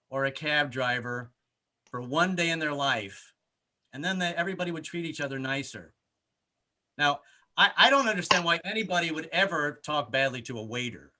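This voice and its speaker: A man performing a rambling, self-deprecating stand-up comedy set, often shouting in put-on voices. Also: on the high side. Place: home in Brooklyn, skyline behind.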